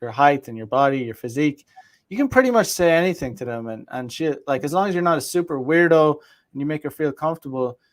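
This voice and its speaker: A man hosting a podcast in casual chat, giving his opinions in a halting way with frequent restarts. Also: a little high, animated. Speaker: podcast host.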